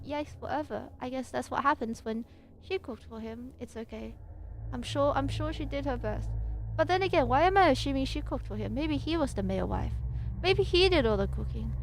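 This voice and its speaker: High-voiced playful woman streamer. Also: slight background noise. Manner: playful, rambling and silly, with quick asides. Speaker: VTuber streamer. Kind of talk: casual livestream chat between reading passages. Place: home streaming setup at a PC.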